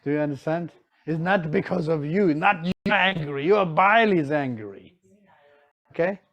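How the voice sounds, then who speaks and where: A man's voice: fairly high pitch, lively intonation, moderate pace, fairly bright tone. A man teaching a class on Tibetan medicine, often checking in with his students and acting out their excuses. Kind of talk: lecture to a class.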